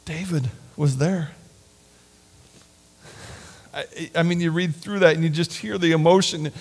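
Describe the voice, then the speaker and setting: A man preaching a sermon in an earnest, halting way, often restarting his sentences. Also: a little high, fairly even intonation. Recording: long hall reverb.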